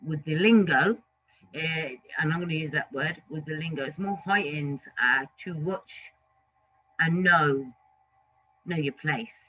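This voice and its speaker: Emphatic man, fairly high and very bright voice, dry muffled sound. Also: measured pace, dry recording. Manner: animated, emphatic, with repeated restarts. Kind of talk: casual discussion. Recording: dry, dull lo-fi audio.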